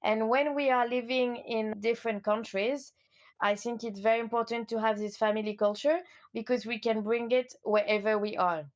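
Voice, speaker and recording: A woman in her thirties with a French accent, speaking as an interview guest, earnest and upbeat, with frequent pauses and fillers. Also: on the high side, steady tone. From France. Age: 30s. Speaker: guest, educational kinesiology coach. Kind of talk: casual interview conversation.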